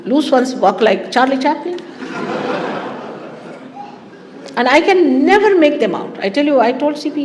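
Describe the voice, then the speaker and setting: A woman giving a spiritual talk to her followers in an animated, teasing way, often laughing. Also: sits high, slow pace, pauses often, in a large hall, slight background noise. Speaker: spiritual teacher.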